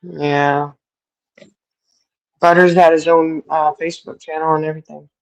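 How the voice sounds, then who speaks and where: A woman's voice: sits low, flat delivery, measured pace, poor audio. A middle-aged woman hosting a livestream, chatting casually and laughing often as she answers viewers. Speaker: livestream host. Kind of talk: casual chat. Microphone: streaming setup.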